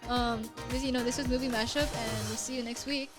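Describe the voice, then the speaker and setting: A woman's voice: a little high, steady tone, brisk, over music. A teenage girl hosting a student movie podcast, rambling casually with lots of fillers. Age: teens. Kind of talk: casual chat.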